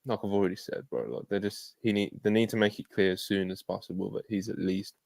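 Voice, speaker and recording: Laid-back podcast co-host, man, low voice, mumbly, dry close mic. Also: flat delivery, fast, creaky, darkish tone, no echo. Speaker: podcast co-host reading viewer messages. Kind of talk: casual chat.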